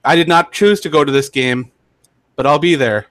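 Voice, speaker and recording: A man co-hosting a sports podcast, calmly adding facts and context in casual chat. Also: a little high, dry recording. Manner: quick, measured, corrects and adds facts. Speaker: podcast co-host.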